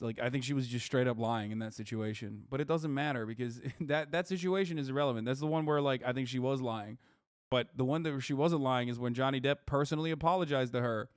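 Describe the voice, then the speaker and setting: A man's voice: mid-range voice, no echo, clean studio sound. A man streaming live, reacting to clips and answering chat in a heated, profane rant. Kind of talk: livestream reaction commentary.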